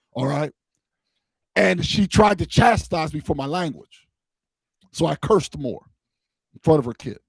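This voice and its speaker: A man's voice: a little high, no echo, poor audio. A man co-hosting a talk show, casual and blunt, laying out his opinions with emphasis. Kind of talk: casual chat.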